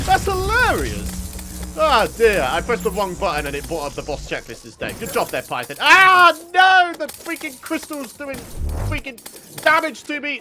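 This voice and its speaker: A man with a very high-pitched voice hosts a gaming video, delivering excitable let's-play commentary. He talks to himself and bursts into loud outbursts and laughter.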